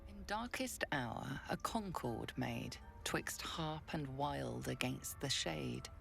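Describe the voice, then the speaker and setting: A woman voicing an ominous, knowing game narrator, speaking in a low, breathy tone with measured, solemn delivery. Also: animated, fairly bright tone, soft background music, heavily acted. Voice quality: low gravelly voice with breathy whispered rhymes.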